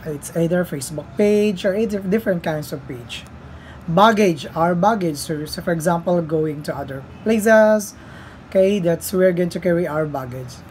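A woman teaching a phonics lesson to children, sounding out words slowly one by one. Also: on the low side, darkish tone, a little hiss or hum, low-quality recording. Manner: slow, deliberate word-by-word drilling.

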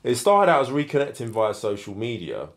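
A man's voice: mid-range voice, very animated, brisk. A man, co-hosting a podcast and reading a listener's letter aloud in a dry, wry way.

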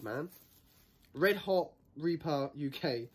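A man's voice: medium pitch, animated, takes it slowly, slightly rough. Nervous swearing young man. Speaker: vlogger. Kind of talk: casual vlog chatter. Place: outdoors in the sun.

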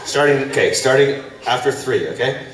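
A man's voice: medium pitch, normal speed. A man on a convention panel, bantering and bickering in mock exasperation with his co-star. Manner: teasing, mock-exasperated, playful. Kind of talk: improvised comic bickering with co-star. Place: large convention hall, recorded from the audience. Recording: far-off echoey hall audio with loud noise.

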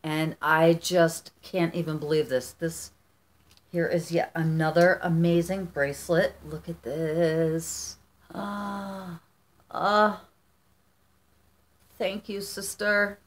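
Middle-aged american woman vlogging, gushy and rambly, kinda low voice. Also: little pitch movement, slow, pauses often. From United States. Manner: gushing, effusive, rambling with restarts. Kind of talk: casual chat opening fan mail.

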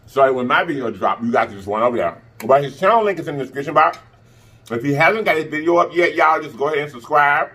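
A man's voice: a little high, expressive, quick pace, bright, forceful tone, slightly rough. A man vlogger talking casually to camera, chatty and repeating himself for emphasis. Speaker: mukbang vlogger.

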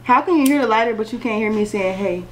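A woman's voice: fairly high pitch, fast talker, reverberant, background noise. A young woman filming a casual prank vlog, pestering someone with the same questions again and again. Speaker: vlogger.

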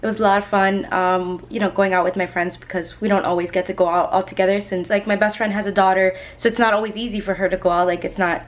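A woman's voice: medium pitch, fairly even intonation, quick pace, hardly any pauses. A young adult woman vlogging in a casual, rambling chat, full of ums and likes.

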